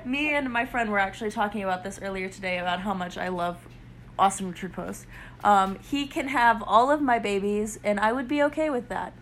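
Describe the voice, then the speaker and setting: A woman's voice: medium pitch, brisk, a little hiss or hum. A young woman with a Southern US accent co-hosting a podcast, chatting casually, gushing and playful with frequent giggles. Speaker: podcast co-host.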